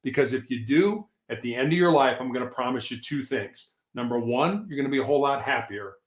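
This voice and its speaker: A man's voice: mid-range voice, lively intonation, brisk. A man guest author in a podcast interview, telling stories in an earnest, emphatic way. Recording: echoey room.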